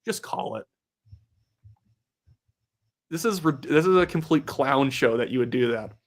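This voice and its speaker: A man's voice: medium pitch, expressive, brisk. A young man in the middle of his range, talking loosely through live election-night commentary. He reads viewers' messages aloud and answers them off the cuff. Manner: casual, reads viewer donations aloud and reacts. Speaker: livestream host.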